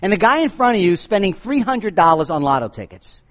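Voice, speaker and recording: Animated high-voiced preacher. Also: male voice, quick pace. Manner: animated, swings between booming and low asides. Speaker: pastor. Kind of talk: sermon.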